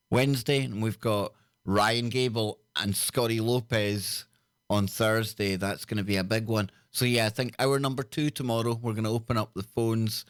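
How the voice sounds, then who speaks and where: A man hosting a casual livestream chat, talking in an excitable, slangy way. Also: lowish voice, dry recording, studio quality. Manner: excitable, loud laughs, slang-heavy. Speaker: host.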